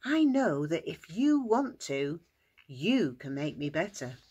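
A woman voicing a suffering man with leprosy who pleads for help, in a high, excited voice. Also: measured pace, dull audio, heavily acted. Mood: pleading.

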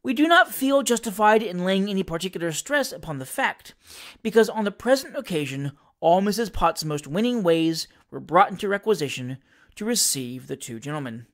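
A reader giving a scripted reading of a classic novel with expressive, lively narration. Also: medium pitch, moderate pace. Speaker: audiobook reader.

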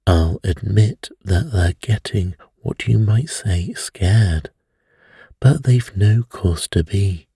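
A man's voice: on the low side, takes it slowly, gravelly, mellow, breathy edge, no echo, studio quality, heavily acted. A man reading as a blunt, emphatic doctor. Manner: emphatic, dismissive.

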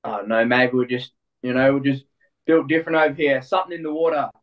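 A young Australian man answers interview questions in a relaxed, halting way, often restarting his phrases. His voice sounds dull and a bit distant, as if it came from a remote call. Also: medium pitch. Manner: laid-back, halting, repeats words. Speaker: fighter, guest. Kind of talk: casual interview.

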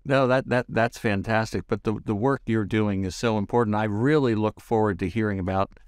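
A man hosting a podcast interview, enthusiastic and halting, with many fillers and restarts. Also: on the low side, steady tone, smooth, dry recording, studio quality. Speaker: podcast host.

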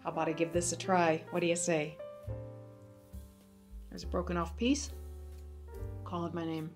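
A woman's voice: lowish voice, flat delivery, normal speed, faint music behind. A woman hosting a home cooking show, cheerfully talking the camera through each step of a casual demonstration in her kitchen.

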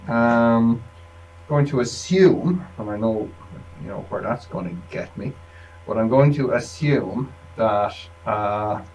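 A man's voice: mid-range voice, animated, takes it slowly, a little mellow, highs cut off. A man thinking aloud at a workshop bench, rambling casually with wry asides as he demonstrates electronics work. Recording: distant mic with faint room noise.

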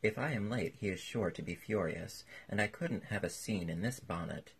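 A man doing a flustered society duchess who gushes on, pitched up from his deep gravelly voice, very husky underneath, told like an old storybook reading. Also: moderate pace. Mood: gushing. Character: fussy chattering aristocratic duchess, woman.

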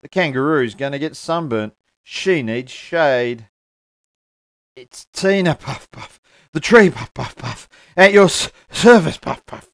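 A man's voice: mid-range voice, measured pace, clean tone, no room sound, clean studio sound, lightly acted. A man doing Tina, an overeager helpful tree. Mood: worried. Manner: bright, bouncy, exclaiming, puffs when tired. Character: eager helpful female tree, overkeen.

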